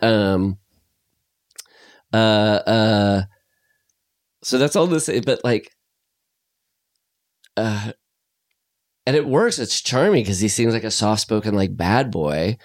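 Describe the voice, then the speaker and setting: A man co-hosting a podcast, chatting casually about movies in a rambling way with lots of fillers. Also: lowish voice. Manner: rambling, many fillers, slips into quick mock voices. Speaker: podcast co-host.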